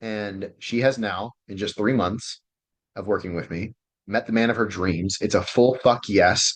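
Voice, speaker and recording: A man coaching relationships in a casual online class, loose and excitable, swearing freely. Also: on the low side, moderate pace, breathy edge. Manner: loose, profane and excitable, many fillers.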